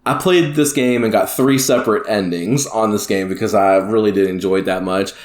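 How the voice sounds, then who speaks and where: A man's voice: lowish voice, a little fast, reverberant. A man co-hosting a casual podcast, talking enthusiastically and saying "like" a lot. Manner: enthusiastic, says "like" often. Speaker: podcast co-host.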